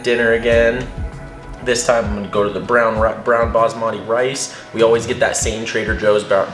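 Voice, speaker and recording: A man with a fairly low voice explains his eating plan in a loose, chatty vlog style and keeps calling his viewers "guys." His voice bounces around an echoey room, with faint music underneath. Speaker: bodybuilder and nutrition coach. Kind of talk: casual how-to vlog.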